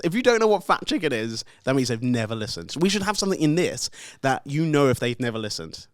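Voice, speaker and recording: A man's voice: mid-range voice, sing-song, fast, few pauses, no room sound, studio quality. Chatty man co-hosting a podcast. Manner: chatty and jokey, many fillers. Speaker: podcast co-host. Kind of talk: casual chat. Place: podcast studio.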